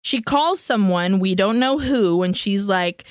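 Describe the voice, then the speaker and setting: A woman's voice: mid-range voice, expressive, a little slow, clear, resonant tone, no room sound, studio quality. A woman co-hosting a podcast, animatedly retelling a film plot in casual chat and swearing freely. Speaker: podcast co-host.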